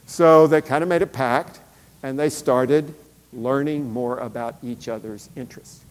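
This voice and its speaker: A man's voice: mid-range voice, fairly even intonation, a little slow. Man, middle-aged, mid-range voice, storytelling, chatty with fillers, long hall echo. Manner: conversational, acts out quotes, many fillers. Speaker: speaker. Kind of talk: personal storytelling talk.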